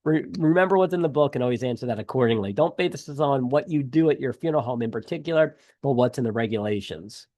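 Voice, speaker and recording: A middle-aged man walks students through an exam review in a loose, talky way, stopping for "um" and "you know" and rephrasing as he goes. His voice sits at an ordinary pitch for a man. The recording is dry and close, with no room sound. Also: expressive, fast, hardly any pauses, warm tone, no room sound. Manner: conversational, many fillers and restarts. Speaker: instructor.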